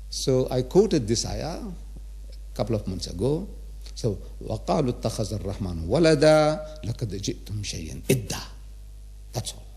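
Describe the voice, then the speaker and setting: A man's voice: medium pitch, a little mellow. A man in his seventies giving a religious lecture to a live audience, emphatic, repeating phrases and firing rhetorical questions at the listeners. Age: 70s.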